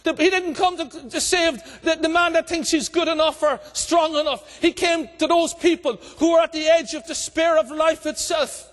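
A man preaching an impassioned evangelistic sermon, calling out and shouting to a congregation. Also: very high-pitched, steady tone, moderate pace, hardly any pauses. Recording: long hall reverb.

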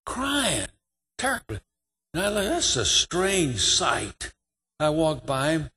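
A male preacher with a high, lively voice tells a story from the pulpit. His delivery climbs to fervent emphasis and swings widely in pitch. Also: slow pace. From New York. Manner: animated testimony, rising to fervent emphasis. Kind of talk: sermon storytelling.

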